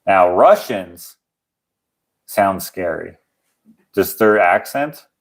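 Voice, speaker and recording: A young man with a fairly low voice hosts a casual livestream chat. He rambles from joke to joke and reads viewer comments aloud in a relaxed, easygoing way. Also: extremely slow. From Canada. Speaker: livestream host.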